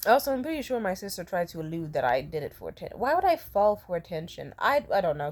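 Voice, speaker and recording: A woman's voice: mid-range voice, sing-song, a little fast. A young adult woman telling a casual storytime vlog, rambling and profane, laughing often between sentences. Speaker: vlogger.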